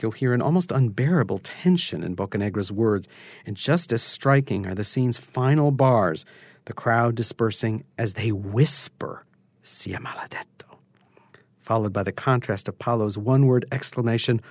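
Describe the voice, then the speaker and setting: A man narrating a scripted opera lecture, explaining in a measured, articulate way. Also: mid-range voice, a little mellow, no echo.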